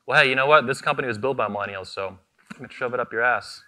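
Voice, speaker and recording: On stage at a convention he founded, a man delivers a fiery keynote into a microphone, speaking quickly in a medium-pitched voice over heavy background noise. He's combative and profane, hammering short repeated phrases.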